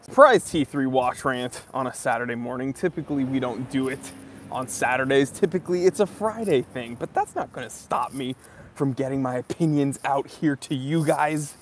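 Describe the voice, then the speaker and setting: A man's voice: mid-range voice, moderate pace, slight background noise. A man from New England hosting a live stream outdoors outside a library, greeting viewers by name in an upbeat, casual way.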